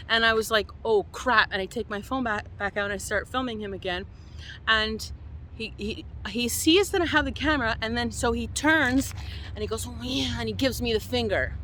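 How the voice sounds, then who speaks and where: A young woman from Quebec recounting a tense encounter in a vlog, animated and exasperated in tone. Her voice sits high and sounds bright and sharp. A faint hum of noise runs underneath. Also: brisk. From Quebec, Canada. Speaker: van-life vlogger. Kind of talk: storytelling to camera.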